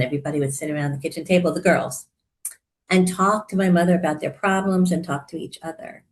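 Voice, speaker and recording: In a relaxed, conversational interview, this sixty-something guest, a therapist and coach, recounts her story with lively warmth and plenty of laughter. Her voice is lowish.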